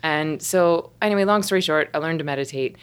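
A woman in her forties telling stories in a casual chat as a guest, animated and laughing often. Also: sits low, a little fast, clear, resonant tone. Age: 40s. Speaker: guest, meditation teacher.

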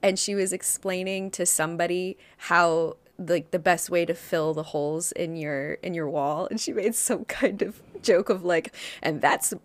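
A woman co-hosting a podcast in casual chat, expressive and exclamatory, laughing often. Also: fairly low pitch, moderate pace, hardly any pauses. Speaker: podcast co-host.

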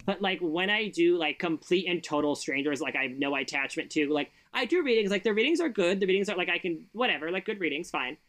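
A man's voice: high voice, expressive, quick pace, few pauses, fairly bright tone. A man co-hosting a podcast, talking loosely about reading tarot, full of "like" fillers and quoting himself. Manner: rambling, many "like" fillers, quotes himself. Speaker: podcast co-host and tarot reader. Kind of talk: casual chat.

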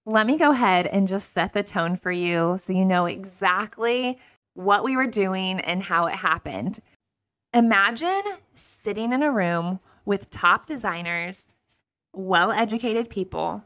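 A woman with an Ohio accent co-hosting a podcast, telling stories in an animated casual chat. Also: mid-range voice. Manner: animated storyteller. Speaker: podcast co-host.

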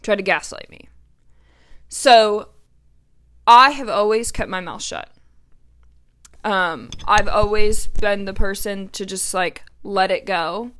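A woman's voice: mid-range voice, fairly bright tone. Young woman podcast host, candid storyteller, heavy "like" filler, swears freely. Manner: chatty, lots of "like", blunt and profane.

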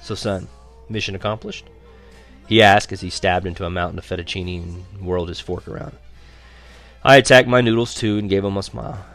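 A man reading a first-person story aloud in a lively, animated way, chuckling now and then. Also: sits low, fairly quick, soft background music.

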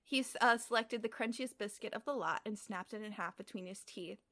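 Bright-voiced young woman reading aloud. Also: medium pitch, brisk. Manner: stumbling, self-correcting, filler-heavy. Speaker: reader. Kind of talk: casual read-aloud of fan fiction.

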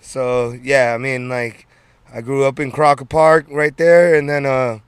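A man's voice: mid-range voice, level tone, unhurried, smooth, no echo. A man from San Francisco telling stories as an interview guest, laid-back and streetwise, with plenty of slang and swearing. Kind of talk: casual storytelling interview.

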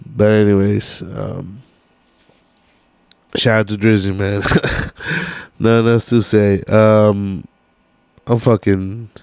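A man's voice: fairly low pitch, gravelly, a little mellow, clear, resonant tone, no room sound. Sleepy, laid-back man rambling on a podcast. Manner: laid-back, profane street slang with many fillers. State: sleepy and tired late at night. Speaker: solo podcast host. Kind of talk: casual rambling podcast chat.

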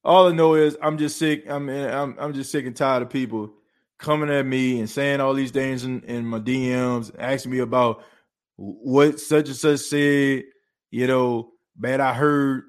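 A podcast host in a fired-up sports talk rant, animated and preachy, calling his listeners folks. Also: mid-range voice, measured pace.

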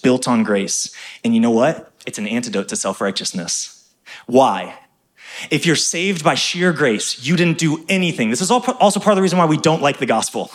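Male pastor, mid-range voice, lively preaching with punchy emphatic lines. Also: medium pitch. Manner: energetic preaching with emphatic rises and quick asides. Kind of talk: sermon.

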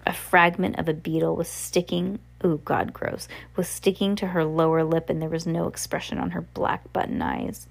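Woman reader for a read-aloud novel: low, gravelly voice, drops in offhand remarks. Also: flat delivery, moderate pace, few pauses. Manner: casual asides breaking into the reading.

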